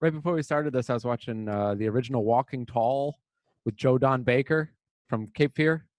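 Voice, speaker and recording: A young man talks through a movie plot in a loose, rambling way, now and then slipping into the characters' lines. His pitch sits in the middle range. The sound is dry and close. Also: normal speed, a little mellow, dry recording. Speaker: podcast co-host. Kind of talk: casual chat.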